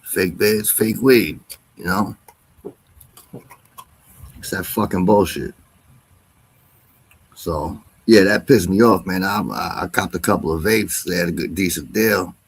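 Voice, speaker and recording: A man's voice: low voice, measured pace, long pauses, breathy edge. A man hosting a casual livestream, talking in a loose, slangy, profane rant. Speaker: livestream host.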